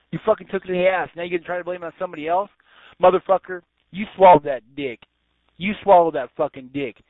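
A man's voice: high-pitched, no echo. Mocking man on tinny voice chat. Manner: mocking, crude. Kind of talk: heated voice chat rant. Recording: tinny phone-like voice chat audio.

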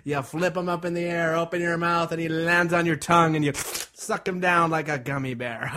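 A man leading a guided visualization, narrating vividly and dramatically, sometimes dropping to a hushed whisper. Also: a little high, steady tone, fairly quick.

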